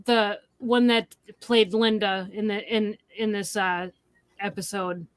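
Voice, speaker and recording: A woman co-hosting a horror review podcast reads out listener questions in a casual, unhurried way. Her medium-pitched voice stays fairly even in intonation, and the recording is dry.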